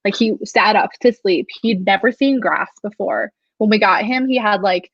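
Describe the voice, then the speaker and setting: A woman's voice: mid-range voice, normal speed, dry recording. A young woman chatting casually, her speech loose and full of fillers. The sound is dull and lo-fi, and completely dry, with no room in it. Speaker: author hosting a release-day livestream. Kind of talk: casual chat.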